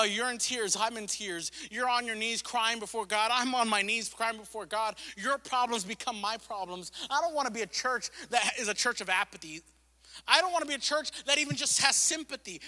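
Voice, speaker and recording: A man's voice: very high voice, sharp tone, big-room sound. A male pastor preaching a sermon with impassioned repetition, mixing in casual slang and asides. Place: church sanctuary.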